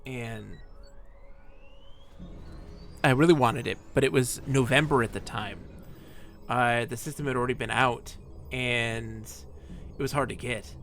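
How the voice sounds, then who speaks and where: Gravelly man chatting over game music. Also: mid-range voice, measured pace, long pauses. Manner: chatty, rambling, animated asides. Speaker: streamer. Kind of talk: casual storytelling while playing a game.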